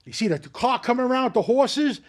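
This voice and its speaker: An older man hosting a casual chat, telling animated, profane stories and acting out what others said. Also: very high voice, fast talker. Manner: animated, profane, acts out quotes. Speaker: host.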